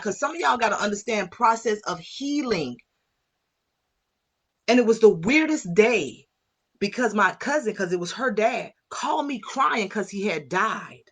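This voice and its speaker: Middle-aged woman coach, fired-up preachy motivational talk, medium pitched voice, talks right at you. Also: bright, forceful tone, slightly rough. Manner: impassioned, preacher-like, addresses listeners as y'all. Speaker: mindset coach.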